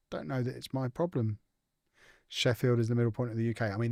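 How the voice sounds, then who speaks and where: A young man hosts a live gaming stream in a relaxed, chatty way. He teases his viewers with playful banter as he reads their messages aloud. His voice sits at an ordinary middle pitch and sounds dry and close, with no room echo. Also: brisk. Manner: playful, teasing banter reading out chat. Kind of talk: casual live-stream chat while gaming.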